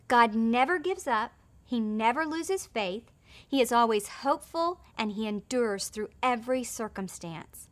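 A woman presenting a scripted Bible study lesson in a clear, measured, gently emphatic way. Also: fairly high pitch. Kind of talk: scripted teaching narration.

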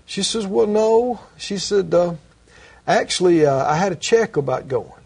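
A man's voice: high voice, animated, normal speed, vocal fry, a little mellow, husky. A man who works as a minister, earnestly teaching and telling stories in a Christian conversation, repeating his key phrases for emphasis.

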